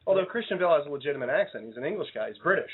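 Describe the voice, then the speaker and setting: A man's voice: a little high, lively intonation, very fast, husky. A man co-hosting a comedy radio show, joking around and making things up as he goes. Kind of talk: casual comedic banter. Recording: phone-like narrow-band audio.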